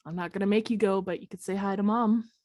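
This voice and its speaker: A woman's voice: medium pitch, steady tone, fast, darkish tone, lightly acted. A woman playing a teasing young adventurer.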